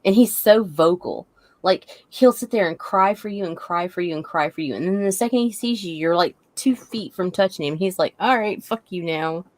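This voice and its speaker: A woman's voice: lowish voice, moderate pace, a little mellow, no echo. A tipsy woman joking crudely in a casual livestream chat over a video call.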